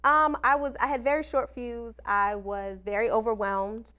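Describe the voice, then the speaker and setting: A woman's voice: fairly high pitch, level tone, normal speed, bright, forceful tone, smooth. A woman in her thirties, a social worker, speaking candidly and reflectively in an interview and laughing at herself now and then. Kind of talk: personal interview talk.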